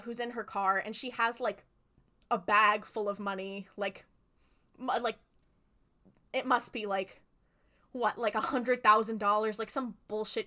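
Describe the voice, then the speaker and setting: A woman's voice: medium pitch, pushed and bright. A woman co-hosting a podcast, casually retelling a story with lots of fillers and the odd swear. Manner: chatty retelling, many fillers, swears freely. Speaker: podcast co-host recapping episodes. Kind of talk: casual chat.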